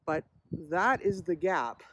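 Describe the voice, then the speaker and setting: High-voiced man vlogging on a trail. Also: lively intonation, slow, highs cut off. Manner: admiring, exclaiming over scenery. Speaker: hiking vlogger. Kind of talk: handheld outdoor vlog narration. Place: outdoors on a high mountain trail. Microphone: handheld camera. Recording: noisy outdoor recording.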